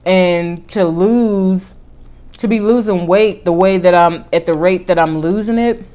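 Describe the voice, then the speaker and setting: Chatty woman vlogger with a low voice. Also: a little slow. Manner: chatty storytelling with lively swings in pitch and volume. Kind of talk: casual chat.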